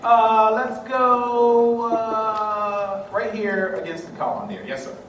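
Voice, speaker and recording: A man's voice: high voice, slow pace. A man moderating a convention panel, calling on audience members with joking, upbeat crowd work. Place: large convention hall. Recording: echoey hall, distant mic, loud crowd and noise.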